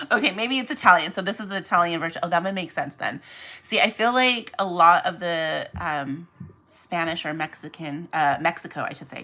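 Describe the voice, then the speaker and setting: Bright, chatty woman streaming while packing. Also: fairly low pitch, poor audio. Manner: chatty and rambling, goes off on tangents, talks to viewers by name. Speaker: online reseller livestream host. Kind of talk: casual livestream chat while packing orders.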